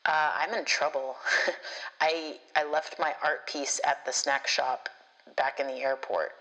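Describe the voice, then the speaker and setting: A woman with a low, gravelly voice narrates her own story. She tells it breathlessly and dramatically, letting a curse slip now and then. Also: steady tone, unhurried, fairly bright tone. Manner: breathless, dramatic, swears at times. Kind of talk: first-person storytelling.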